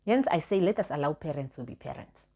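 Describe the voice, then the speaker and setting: A woman's voice: deep voice, expressive, quick pace, mellow. A woman vlogger candidly telling a personal story, repeating herself for emphasis.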